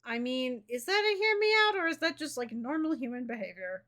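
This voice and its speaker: A young woman streamer chatting casually with a guest, animated and playfully teasing, often laughing. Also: high voice, brisk.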